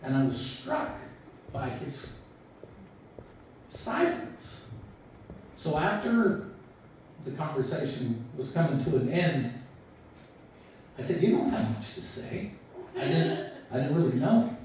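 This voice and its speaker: A man in his sixties giving a memorial eulogy, telling stories about a friend in an unhurried, anecdotal way and quoting him with a chuckle. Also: a little high, very animated, darkish tone, slight background noise. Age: 60s. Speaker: eulogy speaker. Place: large echoey hall at a memorial service. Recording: echoey hall recording from far off.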